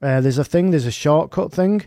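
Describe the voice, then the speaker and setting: A man's voice: a little high, moderate pace, dark tone, no room sound, clean studio sound. A man co-hosting a podcast in casual, jokey banter, swearing freely. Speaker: podcast co-host.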